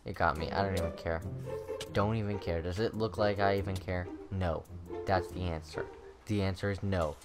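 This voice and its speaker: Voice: sits low, normal speed, music in the background. A gamer giving let's-play commentary on a maze map, muttering to themselves and breaking into panicked shrieks. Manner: excitable, swings from muttering to shrieking.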